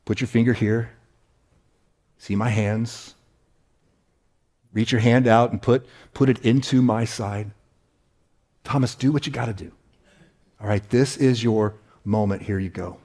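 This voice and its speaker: A preacher putting on a calm grown man in a sermon retelling, talking low and soft, gently teasing and encouraging a doubtful friend, relaxed and unhurried, with a light, good-natured warmth in how he coaxes.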